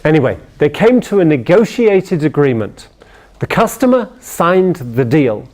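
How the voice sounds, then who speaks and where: A man's voice: a little high, a little slow. A man giving a sales training talk, telling anecdotes with animation and checking in with his listeners. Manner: animated storyteller, asks the room questions.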